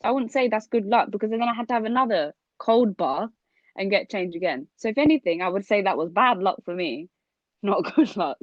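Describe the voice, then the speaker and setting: A young woman co-hosting a podcast, telling stories in an animated, laughing way. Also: mid-range voice, fairly quick, no room sound, dull audio. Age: young adult. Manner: animated storyteller, laughs often. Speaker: podcast co-host. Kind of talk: casual storytelling chat.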